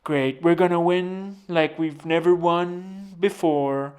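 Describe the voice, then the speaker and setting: A man's voice: fairly high pitch, slow pace, darkish tone, clear, resonant tone, pitched above the performer's own voice. A South African man doing a boastful old politician. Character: boastful older male politician impression, repetitive. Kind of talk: comic impression.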